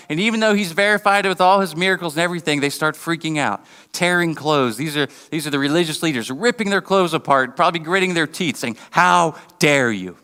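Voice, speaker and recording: A man's voice: on the high side, bright, forceful tone, smooth. A man preaching a sermon in a conversational, storytelling way, often restarting his sentences. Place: church hall. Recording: long reverb of a hall.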